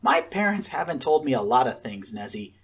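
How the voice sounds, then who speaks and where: A man's voice: mid-range voice, big pitch swings, fairly quick, breathy edge. A man voicing a blunt, sardonic fourteen-year-old girl in a storybook.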